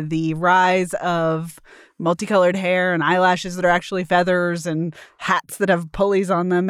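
A woman on a podcast panel gushes in a quick, playful patter. Her voice is smooth and clear. It is recorded close and dry, with no room sound. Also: on the low side, no room sound. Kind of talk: casual chat.

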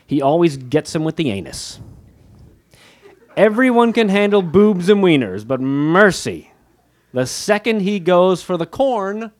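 Here the memoirist reads his own book in a high, very animated voice, going a little slowly. His humor is candid and self-mocking, and he laughs lightly between phrases.

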